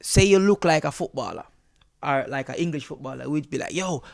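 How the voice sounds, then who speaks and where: A Jamaican comedian telling a story in an interview, lively and jumping into high voices for the people he quotes. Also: brisk, vocal fry. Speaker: comedian guest. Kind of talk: animated storytelling.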